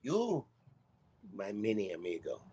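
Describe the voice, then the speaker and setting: A brash comedian reading his own comedy script aloud, loud, abrasive and mocking. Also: on the low side, huge pitch swings, unhurried, husky. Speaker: guest comedian. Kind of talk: comedy script table read.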